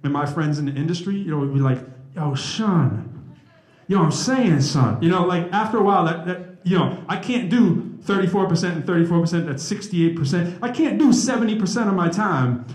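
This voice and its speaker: A man giving a lively, joking talk to a college audience, speaking into a handheld mic. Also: high-pitched, fast. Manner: joking, animated, chatty. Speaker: rapper and math professor giving a talk. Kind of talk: lively campus talk with humor. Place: college hall, echoey. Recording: echoey room.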